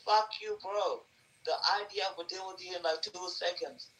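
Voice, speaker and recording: A man's voice: sits high, normal speed, a bit bright, distant mic, rough recording. A man in a heated argument on a live voice chat, aggressive, taunting and hurling insults.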